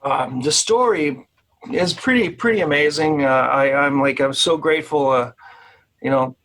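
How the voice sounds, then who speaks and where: A man's voice: a little high, normal speed, a bit bright, slight background noise, poor audio. A man with a Quebec French accent, a guitarist guest on a video call interview, telling a story in a rambling way with many restarts. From Quebec, Canada.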